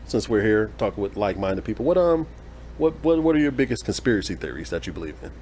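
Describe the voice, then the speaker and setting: A man in casual podcast talk, relaxed and thoughtful, often pausing on fillers. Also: fairly low pitch, slight background noise. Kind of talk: casual chat. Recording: faint room ambience.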